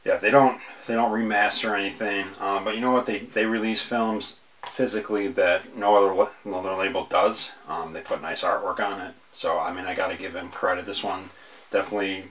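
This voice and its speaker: A man with a very low voice talks through his film picks in a loose, casual way. He rambles, restarts sentences and fills pauses with ums as he goes. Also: steady tone, a bit bright, slight background noise. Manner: rambling, hesitant, many fillers and restarts. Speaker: horror film reviewer. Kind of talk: casual video review.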